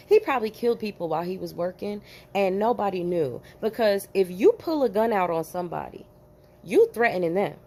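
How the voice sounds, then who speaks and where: A woman's voice: mid-range voice, vocal fry. Ex-cop lady from jersey ranting a story to camera, swears a lot, real emphatic, mid voice, faint noise behind. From New Jersey. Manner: animated, profane, emphatic, laughs in bursts. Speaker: vlogger, former police officer.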